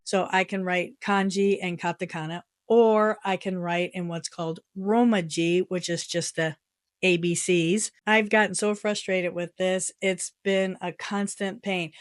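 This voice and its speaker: A middle-aged American woman living in Japan, telling a story in a casual vlog with an animated, exasperated manner and frequent laughs. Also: lowish voice, no room sound. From United States. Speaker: vlogger. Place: her home in Japan.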